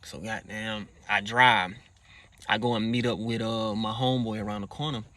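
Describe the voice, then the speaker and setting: A man's voice: fairly low pitch, steady tone, normal speed, pushed and bright. A man casually recounting a personal story in profane slang, acting out quoted lines in a raised voice. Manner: profane slang-heavy talk.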